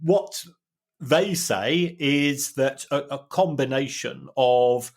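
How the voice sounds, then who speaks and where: A man co-hosting a podcast, explaining football finances in a measured way with frequent restarts. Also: mid-range voice, a little mellow. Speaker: football finance expert co-host. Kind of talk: casual podcast chat.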